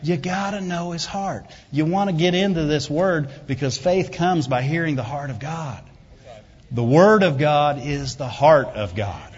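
Male preacher, slightly high husky voice, swings between loud emphasis and quiet asides, dull live church recording. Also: a little slow. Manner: conversational preaching, often asks "Right?". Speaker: pastor. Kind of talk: sermon. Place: church hall. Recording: dull reverberant hall recording.

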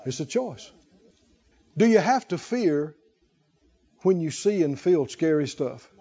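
A male preacher giving an animated sermon, exhorting the congregation and laughing often. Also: a little high, takes it slowly, slightly rough, muffled recording.

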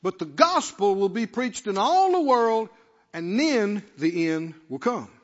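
Male preacher, high and fervent, muffled recording with long church echo. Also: sing-song, measured pace. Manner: calls out to the congregation, rising to shouts. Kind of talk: sermon.

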